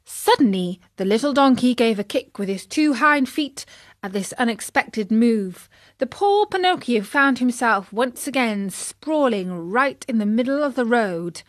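A woman reading a children's story aloud, slowly and expressively. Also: a little high, lively intonation, no echo, clean studio sound.

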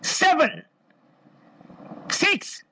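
A man hosting a live call-in quiz on the radio, playful and affectionate, repeating himself as he talks. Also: very slow. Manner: animated, playful and affectionate, with lots of repetition. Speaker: radio quiz show host.

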